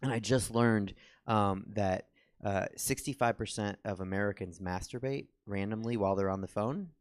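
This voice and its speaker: On the low side and at normal speed, a young man's voice carries a stand-up comedy set in a theater. He rambles, runs himself down, and keeps saying um and starting over.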